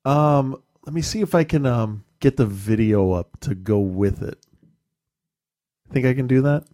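A man co-hosting a casual podcast chat, easygoing and quick to laugh, steering the conversation. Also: mid-range voice, mellow. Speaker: podcast co-host.

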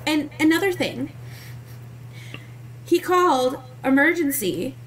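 A woman co-hosting a podcast, chatting casually about a film in a blunt, animated way and swearing freely. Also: high voice, slow, slight background noise. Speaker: podcast co-host. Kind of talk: casual movie review chat.

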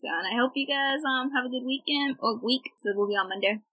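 Brief: young adult woman podcast co-host, casual, talkative, slightly higher voice. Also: bright, forceful tone, poor audio. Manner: chatty, rambling, quick to laugh.

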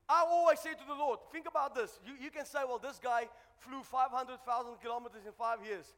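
A high-pitched man preaches a sermon to his congregation, swinging between loud, shouted calls to the crowd and quiet, joking asides. His voice carries a long church-hall reverb. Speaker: pastor.

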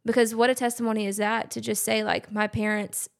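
A woman's voice: on the high side, little pitch movement, fairly quick, gravelly. A young woman, a podcast guest talking earnestly in a casual conversation. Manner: earnest, many "like" fillers.

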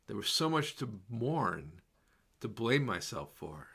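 A man preaching a sermon in a slow, measured, reflective way, letting repeated words fall soft and quiet. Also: lowish voice, sing-song, creaky, breathy edge.

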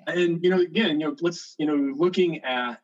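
A man's voice: a little high, normal speed, lo-fi sound. A man who is a vicar, appearing as a podcast guest and speaking thoughtfully in casual chat. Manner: thoughtful, reflective, many fillers.

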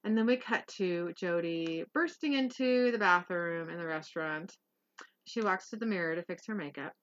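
A woman's voice: lowish voice, moderate pace, a bit bright, highs cut off. A woman hosting a casual podcast, recapping a TV episode in a chatty way with fillers and laughter.

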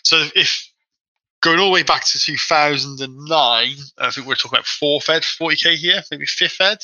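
A man telling a story in a casual podcast chat, quick and animated, acting out the people he quotes. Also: on the high side, no room sound, poor audio. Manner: fast, animated anecdote-telling with acted-out quotes. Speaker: podcast guest.

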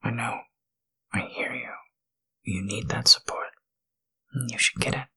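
A man in a whispered role-play, talking in a halting, tender, confessional way with a breathy, gravelly whisper. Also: medium pitch, bright, forceful tone. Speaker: podcast host.

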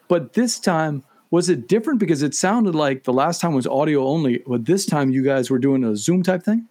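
A man hosting a casual board game podcast, playful and quick to laugh. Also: on the high side, expressive, dark tone. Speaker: podcast host. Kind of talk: casual chat.

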